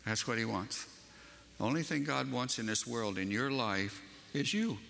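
A man's voice: medium pitch, normal speed, gravelly, pushed and bright, in a large hall, slight background noise. A man from Western North Carolina with a Southern accent, preaching a sermon and telling a personal story with emphatic, rising delivery.

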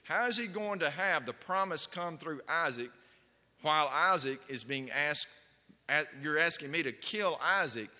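A pastor whose voice is a little high, bright and forceful preaches a sermon, telling stories and questioning the congregation. Long hall reverb surrounds the recording.

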